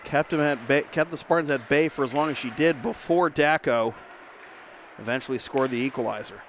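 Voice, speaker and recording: A man's voice: mid-range voice, a little hiss or hum. A man calling a hockey game play-by-play from a rink press box, a bit out of breath at the start. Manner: quick, energetic play-by-play delivery. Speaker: play-by-play commentator. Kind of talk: live sports commentary.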